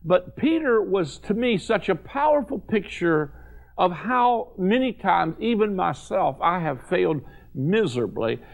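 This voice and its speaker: A man's voice: high voice, big pitch swings, a little slow, creaky. A man preaching a sermon, paraphrasing scripture in folksy, casual slang. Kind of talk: sermon to a watching audience.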